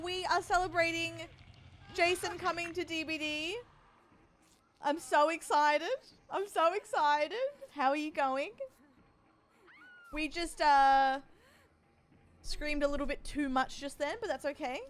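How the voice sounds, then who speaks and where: A young woman streaming a game, chatty and excitable, breaking into frightened screams. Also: high-pitched, measured pace, pauses often. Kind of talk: casual live-stream chat while gaming.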